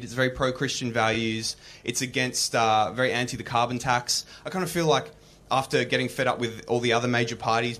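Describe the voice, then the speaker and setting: A man's voice: medium pitch, bright, forceful tone. A man doing casual stand-up comedy on a live stage, rambling with many ums.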